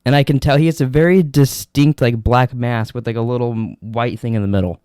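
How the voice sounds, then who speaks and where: A man's voice: medium pitch, steady tone, brisk, a little mellow, smooth, no room sound, studio quality. A young man co-hosting a podcast, telling rambling, profane stories in casual chat. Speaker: podcast co-host.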